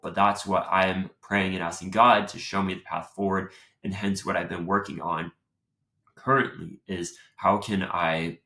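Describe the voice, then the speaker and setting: A young adult man hosting his own show, talking casually and lively, acting out his own thoughts as he goes. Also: low voice. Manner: chatty, animated, acts out his own thoughts. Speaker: show host. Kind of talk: casual solo talk. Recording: roomy echo.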